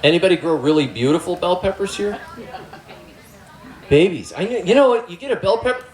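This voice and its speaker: A man's voice: high-pitched, expressive, brisk, darkish tone, echoey room, a faint crowd. A middle-aged man giving a loose, joking gardening talk to a live audience. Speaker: gardening presenter.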